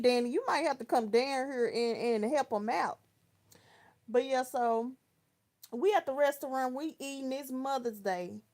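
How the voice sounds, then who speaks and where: Brief: woman, around thirty, from Texas, livestream host, slangy storyteller, slightly high voice. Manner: chatty storytelling with slang, talking to viewers by name. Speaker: live chat host. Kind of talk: casual livestream chat, reading viewer comments.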